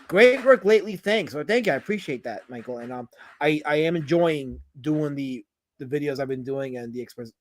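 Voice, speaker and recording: A tired man chatting through his own livestream, his voice sitting a little high for a man. He rambles and jokes, swears freely, and reads viewers' comments out between stray thoughts. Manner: rambling, joking, reads chat aloud, swears. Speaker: livestream host. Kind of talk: casual livestream chat.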